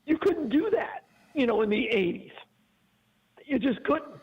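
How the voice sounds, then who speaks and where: A man's voice: very high-pitched, sing-song, unhurried, breathy edge, narrow, tinny audio. A man in his fifties, a regular guest on a radio show, chatting in an agreeable way and laughing easily. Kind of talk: casual radio chat.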